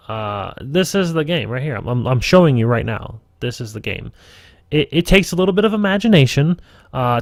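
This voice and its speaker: A man with a gravelly voice talks through a live tutorial at his computer, casual and profane, often muttering to himself. The sound is close and dry with no room. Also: mid-range voice, no room sound. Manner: rambling, profane, self-talking. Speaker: game master streaming a tutorial.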